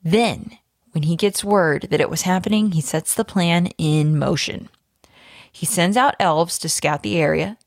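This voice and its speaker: A woman podcast host reading a fan theory aloud, with lively storytelling emphasis. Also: on the low side, a little slow, dry recording, studio quality.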